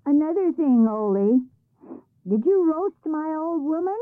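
A woman reading a storybook, voicing a big, greedy male troll who talks loudly and gloats. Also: high-pitched, lively intonation, unhurried, no echo, pitched above the performer's own voice. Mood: demanding. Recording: tinny phone-like sound.

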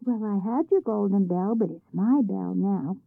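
A clever, cheeky farm boy speaks up high and bright, as a woman storyteller does his voice. His tone is husky and gravelly, and the sound is dry and tinny, like a phone line. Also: moderate pace, no room sound.

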